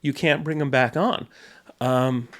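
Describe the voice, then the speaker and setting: A man's voice: medium pitch, a little slow. Man telling set stories with restarts. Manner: animated storyteller, frequent restarts and repeated words. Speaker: guest, film property master. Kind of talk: anecdotal podcast storytelling.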